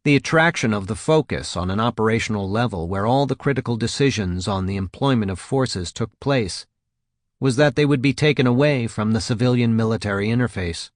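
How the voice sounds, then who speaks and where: A man narrating a nonfiction audiobook in a measured, even reading style. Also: on the low side, no echo, clean studio sound.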